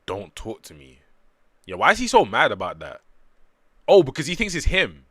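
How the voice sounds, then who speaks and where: A man reading a manga aloud on a stream, joking and chatting between panels with animated bursts. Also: mid-range voice, normal speed, dry recording. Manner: animated, jokey, breaks into loud excited bursts.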